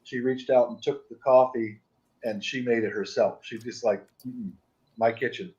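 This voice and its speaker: A man's voice: mid-range voice, steady tone, normal speed, darkish tone. A man chatting casually on a livestream, telling stories in a stop-start, rambling way. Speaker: livestream guest. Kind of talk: casual chat. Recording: dull lo-fi audio.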